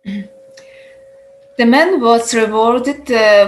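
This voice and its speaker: Slow, careful woman student. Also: mid-range voice, fairly even intonation, rough recording. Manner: careful, hesitant learner's reading. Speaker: adult student. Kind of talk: reading and answering in class.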